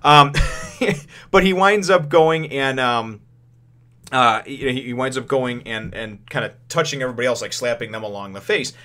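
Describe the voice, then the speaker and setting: A man's voice: mid-range voice, moderate pace, pushed and bright. Chuckling, rambling male manga reviewer. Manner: rambling, chuckling often, many fillers. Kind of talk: casual spoken review.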